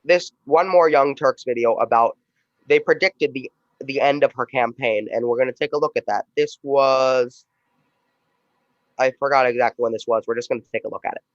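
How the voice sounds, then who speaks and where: A man's voice: mid-range voice, normal speed. Male host, casual, introduces clips, loose delivery, muffled lo-fi sound, no room echo. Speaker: show host. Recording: dull dry lo-fi sound.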